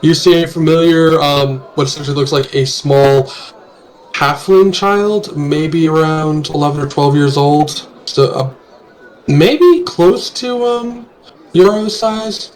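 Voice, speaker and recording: A man's voice: fairly high pitch, slow. A man working as game master, narrating a tabletop game with hesitant, filler-laden phrasing.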